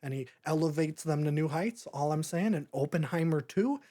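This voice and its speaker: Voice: medium pitch, animated, moderate pace, dark tone. A podcast host talking through a movie in a casual, rambling way, often breaking into laughter. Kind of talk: casual movie review chat.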